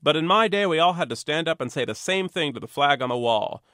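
Male reader voicing an overeager middle-aged postman, emphatic to near shouting, dry close sound. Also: a little high, expressive, fairly quick, no echo, pitched above the performer's own voice.

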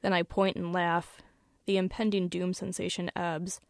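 A woman author reading her own first-person story aloud in a wry, measured storytelling manner. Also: fairly low pitch, flat delivery, no echo, clean studio sound.

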